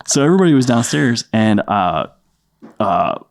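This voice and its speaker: Young male podcast co-host, gravelly, expressive pitch, laughs through his stories. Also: normal speed. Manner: animated, laughs often, swears casually. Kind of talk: casual storytelling chat.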